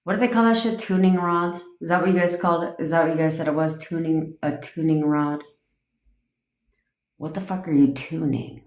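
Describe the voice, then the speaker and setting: A woman's voice: low voice, fairly even intonation, moderate pace, reverberant. Profane, blunt woman ranting on a livestream. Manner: profane, blunt and mocking, answers chat comments. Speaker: manifestation coach. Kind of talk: casual livestream rant.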